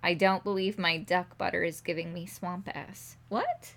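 A woman co-hosting a podcast in casual chat, blunt and giggly, reading things aloud flatly. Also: fairly low pitch, normal speed, vocal fry. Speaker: podcast co-host.

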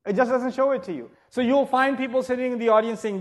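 High-voiced man giving a religious lecture. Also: quick pace. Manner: conversational, joking, asks the audience rhetorical questions; grows forceful and insistent when urging respect. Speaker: Islamic teacher. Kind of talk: religious lecture to a live audience.

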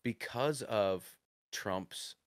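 A man's voice: on the low side, extremely slow, no echo, studio quality. A man co-hosting a casual political podcast, ranting sarcastically and swearing often. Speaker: podcast co-host.

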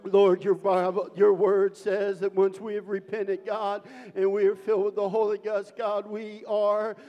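A man's voice: high voice, completely flat delivery, a little slow, big-room sound, lo-fi sound. A man, the pastor, leading fathers in a fervent altar call prayer with rhythmic calls of "Lord" and "God". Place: church sanctuary.

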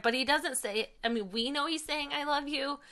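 Woman, 30s, podcast co-host, high bright voice, chatty and enthusiastic. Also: normal speed. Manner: chatty, enthusiastic, many fillers. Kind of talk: casual chat.

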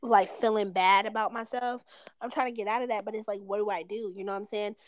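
A woman's voice: medium pitch, steady tone, quick pace, no room sound. A woman in her twenties talking on a phone call in a rambling, casual way, swearing often and filling with "like". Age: 20s.

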